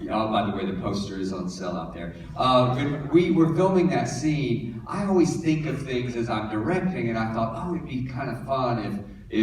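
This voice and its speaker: A man, a writer-director chatting and telling animated anecdotes at a screening Q&A. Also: medium pitch. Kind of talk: casual Q&A storytelling. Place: theater after a screening. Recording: echoey hall from far off with noise.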